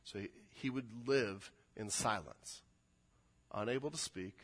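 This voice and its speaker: A man preaching a sermon in an animated way, building to emphatic peaks. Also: on the low side, unhurried. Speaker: pastor.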